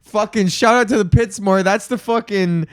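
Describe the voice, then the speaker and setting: A man's voice: high-pitched, moderate pace, clean tone, no room sound, studio quality. Swearing, rambling young man on a podcast. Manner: rambling, swearing, laughing at his own jokes. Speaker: comedy podcast host. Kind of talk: profane comedic rant. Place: room at home, on camera.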